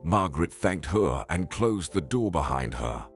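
A man narrating a dramatic story in a scripted, expressive way. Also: low-pitched, moderate pace, hardly any pauses. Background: faint music.

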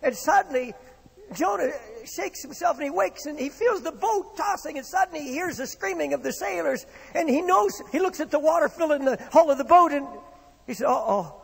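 A man's voice: very high voice, brisk, gravelly, long reverb tail. A man preaching a sermon in an impassioned, dramatic way, acting out the words of the people in his stories. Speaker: pastor.

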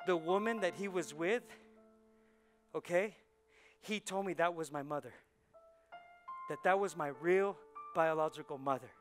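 A male pastor preaching a sermon in a church service, swinging between hushed and loud. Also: fairly high pitch, unhurried, pauses often, faint music behind.

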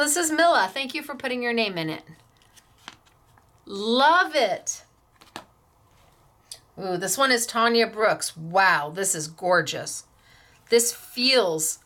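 Gushing high-voiced woman craft host. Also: bright, forceful tone. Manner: gushing, admiring, emotional. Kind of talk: showing viewers' craft projects on camera.

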